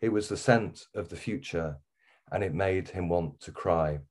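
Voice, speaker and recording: Wirral guy reading his short story, low voice, slow and steady. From England. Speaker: guest author.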